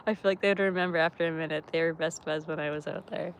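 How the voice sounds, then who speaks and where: A woman hosting a casual livestream from her camper van, chatty and quick to laugh as she talks with viewers. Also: sits low, steady tone, slight background noise. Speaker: livestream host. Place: camper van by a wood stove.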